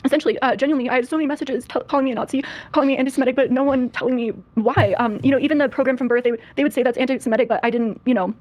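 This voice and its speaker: A tearful woman speaking as a podcast guest, halting and filling her speech with fillers and restarts. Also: high voice, no echo, muffled recording. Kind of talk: podcast discussion.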